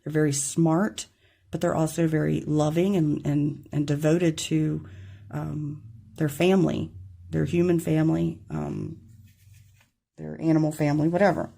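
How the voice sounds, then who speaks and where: A woman's voice: deep voice, little pitch movement, unhurried, vocal fry, dark tone. A woman giving a casual tarot reading to her camera, chatty and rambling, apologizing when she gets tongue-tied. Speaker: tarot reader. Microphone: camera mic.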